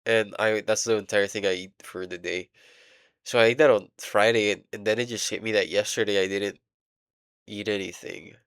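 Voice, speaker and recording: A young man rambling casually in a diary vlog, halting and full of fillers, swearing now and then while he plays a game. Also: on the low side, steady tone, fairly bright tone, clear, resonant tone, no echo, studio quality. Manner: playing a game while talking. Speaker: vlogger.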